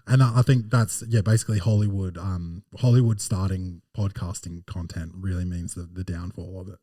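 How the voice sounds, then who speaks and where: Low-voiced, ranting podcast host. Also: male voice, steady tone, normal speed, dark tone, dry recording, clean studio sound, far from the mic. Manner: ranting, profane, rambling. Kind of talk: casual podcast chat and movie review.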